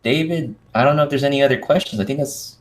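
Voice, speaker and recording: A man's voice: mid-range voice, fast. A man hosts a casual live stream, reading out viewer comments and answering them. He sounds easygoing and laughs often. He stumbles a little over unfamiliar names.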